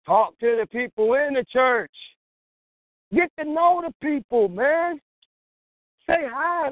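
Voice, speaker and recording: A man's voice: very high-pitched, dry recording. Man preaching over a tinny line. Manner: conversational, exhorting, laughs between points. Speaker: lay preacher. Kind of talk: informal sermon-style monologue. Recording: tinny phone-like dry line.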